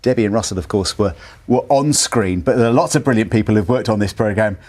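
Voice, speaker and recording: A man's voice: fairly low pitch, quick pace, a little mellow. A man presenting a breakfast television show, prompting guests and reading links.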